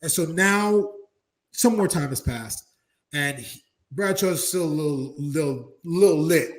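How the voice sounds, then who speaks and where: A man telling a rowdy backstage story as an interview guest, swearing freely and acting out the people in it with loud shouts and laughter. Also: on the high side, measured pace, poor audio. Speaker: interview guest, former wrestler. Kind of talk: animated storytelling.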